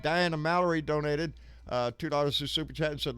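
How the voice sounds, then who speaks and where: A man's voice: a little high, fairly quick, noisy background. A middle-aged man, hosting a live stream in casual, rambling, folksy chat and swearing freely. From Texas. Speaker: live show host.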